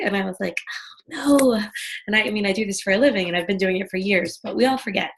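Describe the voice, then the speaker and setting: A woman hosting an online wellness workshop over a video call, talking in a friendly, chatty way and guiding listeners through a breathing exercise. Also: mid-range voice. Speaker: workshop host. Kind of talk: casual online workshop talk.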